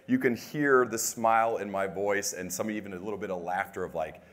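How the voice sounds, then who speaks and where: A man's voice: fairly low pitch, brisk, fairly bright tone, dry recording. A man hosting a live podcast and recapping it afterwards, enthusiastic and full of praise. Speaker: podcast host.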